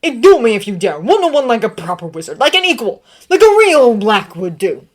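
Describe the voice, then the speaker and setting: A woman voicing a bitter, cornered teenage wizard who snarls and shouts defiance, in a read-aloud fan story. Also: fairly high pitch, very animated, moderate pace, pitched above the performer's own voice. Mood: defiant.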